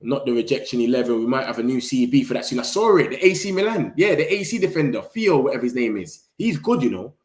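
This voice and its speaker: A man's voice: mid-range voice, fast, few pauses, reverberant. A young man, chatting loosely and animatedly about football transfers as a channel host, full of slang and banter. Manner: animated slang-heavy banter, laughs often. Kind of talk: casual live transfer-news chat.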